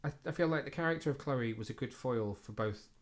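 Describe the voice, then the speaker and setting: A podcast host with a medium-pitched voice talks a little fast as he reviews a film. His style is casual, chatty and self-deprecating, with lots of filler words.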